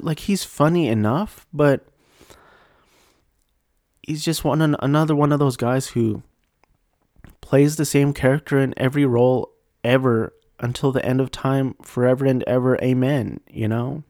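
A man's voice: medium pitch, steady tone, moderate pace, a little mellow, no room sound, studio quality. A married man hosting a casual solo podcast, rambling through jokes and self-mocking asides. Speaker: podcast host.

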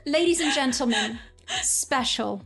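A woman's voice: sits high, expressive, measured pace, loud music behind the voice. A woman playing a sugary scheming prom queen. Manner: sugary, overly polite.

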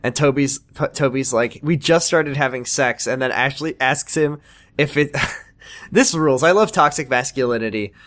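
A man's voice: mid-range voice, normal speed, fairly bright tone. A man co-hosting a podcast, chatting casually about a TV show and making dry, sarcastic asides. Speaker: podcast co-host. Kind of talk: casual chat recapping a TV show.

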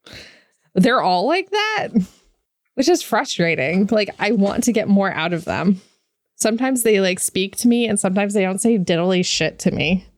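A woman co-hosts a podcast, chatting casually with lots of fillers, laughing often, and reading lore text aloud. Her mid-range voice is very animated at a normal speed, in a dry recording.

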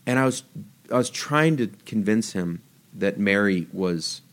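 A man's voice: on the low side, lively intonation, measured pace. A man talking casually about faith on a podcast, telling stories animatedly and jumping his voice up for quoted lines. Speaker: podcast host.

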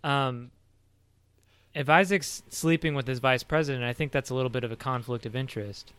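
A man's voice: mid-range voice, a little fast, a bit bright, clean tone, no room sound. A man in casual comedic banter, playfully acting like a campaign reporter. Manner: playful, mock-announcer tone.

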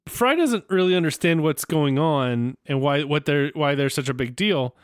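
A man co-hosting a podcast in casual chat, enthusiastic and quick to laugh. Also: on the high side, animated, no echo, studio quality. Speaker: podcast co-host.

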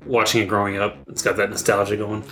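A male podcast co-host in casual chat, talking in a relaxed, plain-spoken way. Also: on the low side, fast, faint music behind.

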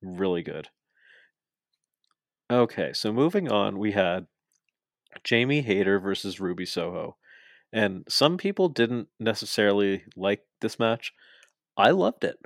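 A man co-hosting a podcast, excitedly recapping wrestling in casual, profane chat and laughing as he goes. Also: fairly low pitch, a little slow, long pauses, no room sound, clean studio sound. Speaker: podcast co-host.

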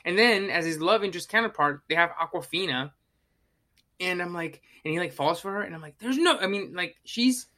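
Podcast co-host, casual review chat; animated and profane, bright tone, mid pitch. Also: brisk. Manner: animated, swears, acts out own reactions.

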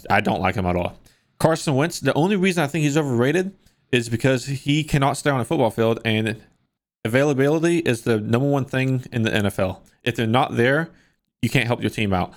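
A man's voice: mid-range voice, fairly quick. A man co-hosting a sports podcast, giving blunt, opinionated takes. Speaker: podcast co-host. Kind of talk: casual sports chat.

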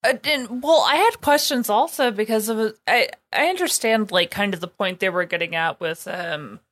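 A woman's voice: medium pitch, lively intonation, moderate pace, a bit bright. A woman co-hosting a podcast, chatting casually in a blunt, opinionated way with frequent laughs. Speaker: podcast co-host.

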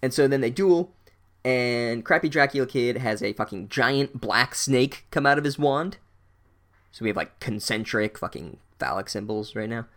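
A podcast host recaps a book for laughs in a sarcastic, profane, mid-pitched voice. He slips into deadpan asides, then bursts into loud, incredulous outbursts.

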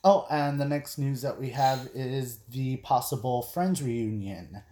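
Slow-talking man in an echoey room. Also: mid-range voice, dark tone. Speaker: podcast co-host. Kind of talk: casual chat.

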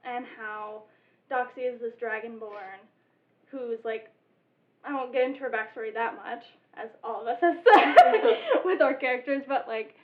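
A woman's voice: on the high side, normal speed, a little hiss or hum. Bubbly woman, tabletop player, loose chatty delivery, thin phone-like audio. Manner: giggly, chatty, lots of "like". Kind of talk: casual group chat about a campaign. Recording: tinny, phone-like sound.

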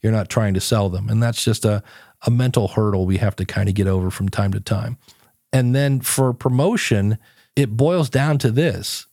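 Lively storytelling man, dry close sound. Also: fairly low pitch, normal speed, gravelly, no echo. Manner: animated storyteller acting out his own quotes. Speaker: podcast guest. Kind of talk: casual interview chat.

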